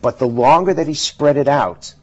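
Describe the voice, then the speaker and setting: Husky man explaining in a TV interview. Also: fairly high pitch, normal speed. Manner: emphatic, explanatory. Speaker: political pollster guest. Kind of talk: televised interview. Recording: dull lo-fi television audio.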